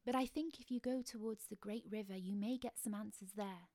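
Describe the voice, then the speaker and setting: A woman's voice: mid-range voice, fairly quick, dark tone, dry recording, natural voice. A woman voicing a wise, secretive male kingfisher in a spoken storybook, grave and courteous.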